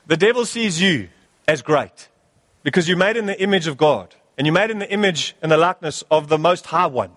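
High-voiced male pastor preaching. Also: animated, fairly quick, fairly bright tone, long reverb tail. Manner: emphatic, repetitive exhortation. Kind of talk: sermon.

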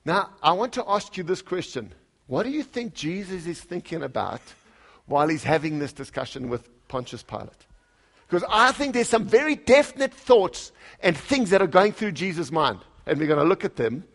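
With a voice that sits high and a normal speed, a pastor delivers a conversational sermon. Scripture is read aloud with lively emphasis, and he directs questions at the congregation.

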